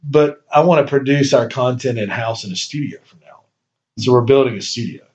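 A man's voice: mid-range voice, moderate pace, a little mellow, lo-fi sound. A man hosting a podcast in casual chat, rambling and enthusiastic, laughing easily. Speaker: podcast host.

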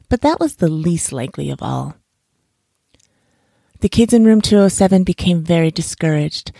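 A woman reading a children's bedtime story aloud for her podcast in a calm, even way. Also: fairly low pitch, moderate pace, gravelly, long pauses, no room sound, clean studio sound.

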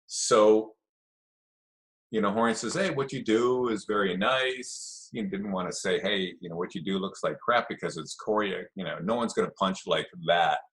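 A middle-aged man telling a story in a relaxed, chatty way, acting out the voices of the people in it. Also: sits low, normal speed. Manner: animated storyteller, acts out quoted voices. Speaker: guest telling stories of early jiu-jitsu. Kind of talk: casual storytelling.

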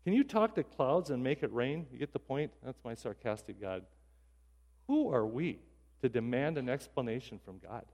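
A man preaching in an easy, conversational tone, his speech full of restarts and asides. His voice sits at an ordinary middle pitch and rings out with a long hall reverb, as in a church sanctuary. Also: vocal fry, a little mellow. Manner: conversational, self-deprecating, with repeated restarts. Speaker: pastor. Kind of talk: sermon.

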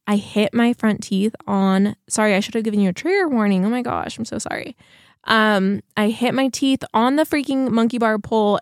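A chatty woman talks casually to her viewers, rambling through her stories with plenty of "like" fillers. Her voice is mid-pitched and sounds close and dry, with no room around it. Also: no echo. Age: 30s. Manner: chatty, rambling, heavy use of "like". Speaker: vlogger.

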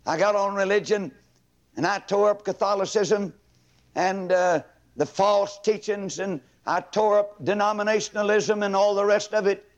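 A man's voice: high-pitched, fairly even intonation, normal speed, dull audio. A man preaching a revival sermon as an evangelist, telling stories with fiery emphasis.

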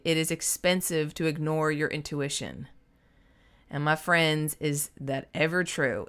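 A woman's voice: fairly low pitch, sharp tone. A woman in her thirties hosting a solo business podcast, chatty and emphatic, acting out quotes in playful voices. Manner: chatty, emphatic, puts on voices when quoting. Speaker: podcast host and business coach.

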